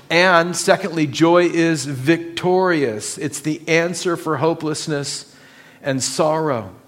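Slow, emphatic preaching man. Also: fairly high pitch. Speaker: pastor. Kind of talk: sermon.

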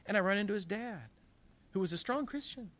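A man's voice: high-pitched, animated, a little fast, a bit bright. A man preaching a sermon as pastor, telling stories with quoted voices and emphatic rises. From Northern California.

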